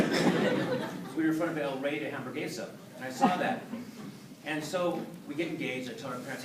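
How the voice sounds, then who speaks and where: A man performing a stand-up comedy set, telling a story in an animated way and putting on voices for the punchlines. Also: a little high, moderate pace, long pauses, recorded from a distance, noisy background. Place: live venue with audience. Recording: echoey room, mic heard from afar, loud audience laughter. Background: audience laughing.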